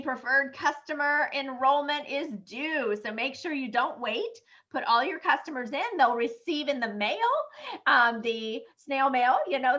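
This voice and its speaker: A hoarse woman presenting at a sales team meeting as director, upbeat and encouraging, on dull lo-fi video call audio. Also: on the high side, pushed and bright.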